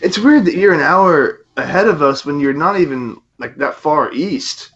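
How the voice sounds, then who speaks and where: A young man chatting casually with friends on a video call, often breaking into laughter. His voice sits a touch higher than most men's. The audio is dull and lo-fi. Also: expressive, moderate pace, fairly bright tone. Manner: laughs a lot, loose and joking. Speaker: podcast co-host.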